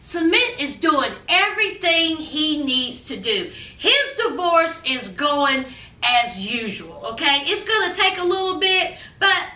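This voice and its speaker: A woman's voice: high-pitched, big pitch swings, unhurried, bright, forceful tone, echoey room, distant mic, voice pushed down, heavily acted. A woman voicing a matter-of-fact lawyer who explains the rules firmly. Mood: calm. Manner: firm, lecturing.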